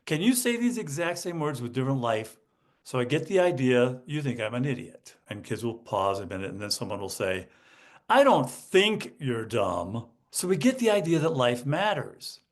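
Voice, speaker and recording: A man, a guest educational consultant on a podcast, explaining speaking skills and acting out examples with lively emphasis. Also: mid-range voice, brisk. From United States. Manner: animated, demonstrates emphasis by acting out student lines. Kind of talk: podcast interview.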